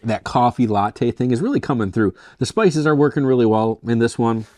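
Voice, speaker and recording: A man's voice: mid-range voice, expressive, a little fast, darkish tone, no room sound. A young man from Michigan hosting a casual solo beer review, rambling and self-deprecating, full of "like" and "kind of". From Michigan, USA. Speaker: beer reviewer, show host.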